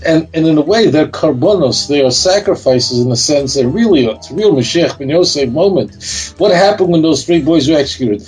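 A man's voice: fairly high pitch, darkish tone, low-quality recording. A man speaking as a guest in a talk show interview, emphatic and insistent, often repeating himself.

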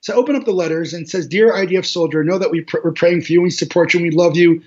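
Interview guest: high-pitched man, animated storyteller with stumbling restarts, on dull lo-fi audio. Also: fast talker. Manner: animated, repetitive restarts, laughs while telling. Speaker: interview guest, charity organizer.

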